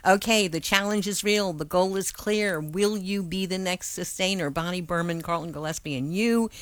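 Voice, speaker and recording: A woman's voice: lowish voice, moderate pace, fairly bright tone, dry recording. Upbeat woman on a pledge drive. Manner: upbeat, persuasive, chatty. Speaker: radio host. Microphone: studio mic.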